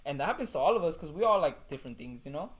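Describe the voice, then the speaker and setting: A man's voice: fairly high pitch, expressive, racing. A young man hosting a casual podcast chat, rambling and swearing, filling his talk with "like". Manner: rambling, swears a lot, fills with "like". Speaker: podcast host.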